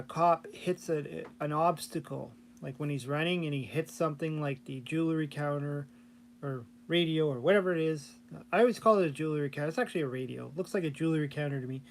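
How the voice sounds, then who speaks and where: A man's voice: fairly high pitch, a little hiss or hum. A man chatting casually on his channel about programming old console games, rambling with lots of fillers and restarts. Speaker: vlogger and hobby game programmer. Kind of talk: casual chat.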